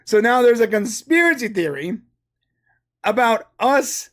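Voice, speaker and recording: A man's voice: extremely high pitch, animated, unhurried, fairly bright tone. A man hosting a podcast with a speech impediment, rambling through a list with amused asides in a casual chat. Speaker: podcast host.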